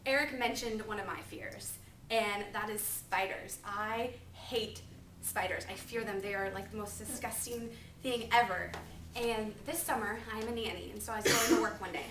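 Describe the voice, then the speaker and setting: A woman in her twenties giving a topical sermon as a preaching student, telling personal stories in a chatty, animated way full of "like". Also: medium pitch, normal speed, a little hiss or hum. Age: 20s. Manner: chatty, animated, filler-heavy with lots of "like". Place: classroom. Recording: echoey classroom, mic far off.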